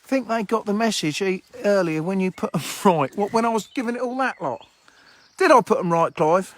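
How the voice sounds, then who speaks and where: An English man with a high-pitched voice hosts a casual outdoor livestream beside a fishing lake, speaking at a moderate pace. He rambles bluntly, chats with viewers, and reads out their comments.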